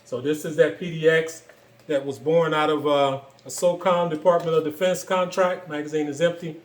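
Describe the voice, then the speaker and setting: A man casually walking through his own gun builds, relaxed and rambling, with many fillers and pauses. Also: a little high, reverberant, slight background noise. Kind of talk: casual product walkthrough.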